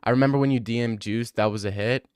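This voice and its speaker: A man's voice: mid-range voice, steady tone, fast, darkish tone, smooth, dry recording, studio quality. A man in his twenties streaming, reading chat aloud and bantering and joking back at it in casual talk.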